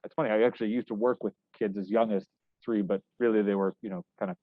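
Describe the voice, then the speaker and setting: A young man working as a news reporter, asking questions in a casual, halting way with many restarts. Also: fairly low pitch, fairly even intonation, no room sound. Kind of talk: casual interview. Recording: dry, tinny phone-like line.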